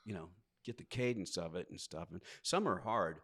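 A man who narrates audiobooks telling stories in a casual chat, animated and often laughing. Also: deep voice, normal speed. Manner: animated, laughing, slips into put-on voices.

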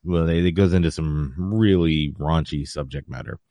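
A man's voice: extremely low pitch, normal speed, mellow, no echo. A man co-hosting a podcast, chatting casually about a horror movie, rambling and swearing, sometimes acting out lines in mock voices. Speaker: podcast co-host.

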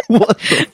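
A man's voice: dry recording, studio quality. A man co-hosting a podcast in easygoing casual chat, chuckling and restarting his sentences. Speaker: podcast co-host.

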